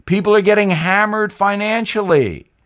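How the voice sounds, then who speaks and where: A man's voice: normal speed, fairly bright tone. A man voicing the scolding ghost of an older former president with a Southern accent. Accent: American Southern. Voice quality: booming, scolding.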